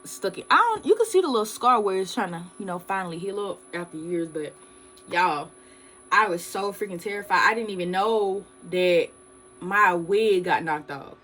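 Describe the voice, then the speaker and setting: A woman's voice: mid-range voice, expressive, moderate pace, fairly bright tone, poor audio. A young woman vlogger, animatedly telling a story to her viewers and calling them "y'all". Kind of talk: storytime vlog.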